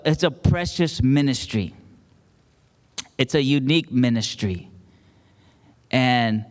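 A man's voice: on the high side, a bit bright. A male pastor preaching a sermon with call-and-response, building emphasis as he goes. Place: church sanctuary. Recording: long hall reverb.

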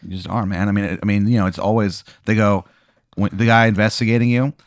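A man's voice: fairly low pitch, steady tone, quick pace, dry recording, studio quality. A man narrating an improvised tabletop game as game master, in a loose, rambling, playful way.

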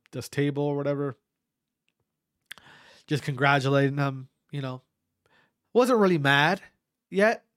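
This is casual storytelling from an amateur fighter with a mid-range voice, going over his own bout. He's animated, restarts and stammers frequently, swears without holding back, and acts out quotes. The recording is studio quality, without echo.

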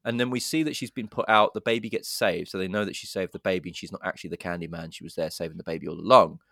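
Talking very fast in a low, fry-tinged voice, this podcast co-host relishes recounting a horror movie's plot, cursing freely and acting out the lines in dramatic voices. The recording is dry and studio quality.

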